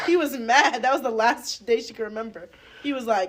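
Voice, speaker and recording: A woman's voice: fairly high pitch, a little fast, slight background noise. A woman guest on a podcast, chatting bluntly and profanely about a movie with plenty of laughing banter. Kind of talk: casual film review chat.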